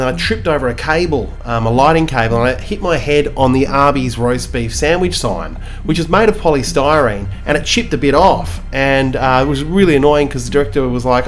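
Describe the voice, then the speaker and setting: A man's voice: medium pitch, fairly quick, few pauses, faint music behind. A man telling a rambling, self-mocking comic story, full of fillers and restarts. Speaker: comedian.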